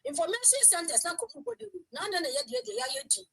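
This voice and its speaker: A woman from Ghana giving fast, emphatic political commentary, mixing Twi and English. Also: extremely high pitch, sing-song, fairly bright tone.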